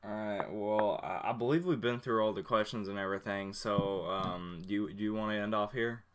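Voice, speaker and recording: Chill podcast host guy, lowish voice, dry little comments. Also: fairly even intonation, normal speed, a bit bright, slight background noise. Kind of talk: casual chat.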